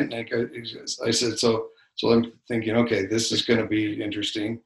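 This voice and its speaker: A man's voice: medium pitch, completely flat delivery, a little fast, hardly any pauses. Older man telling rambling stories, roomy sound. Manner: rambling storyteller with many restarts and fillers. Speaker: podcast co-host. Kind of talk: casual faith podcast chat.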